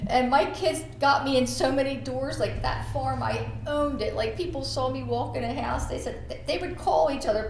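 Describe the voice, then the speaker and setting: A middle-aged woman, a podcast host and realtor, telling a story in an animated, laughing way. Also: high voice, normal speed, hardly any pauses. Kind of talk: storytelling in casual chat. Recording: echoey room with faint background noise.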